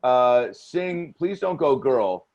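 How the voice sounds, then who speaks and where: A man's voice: medium pitch, takes it slowly, muffled recording. A man hosting a live comedy podcast, joking and swearing as he talks. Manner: profane, joking, lively. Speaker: podcast host.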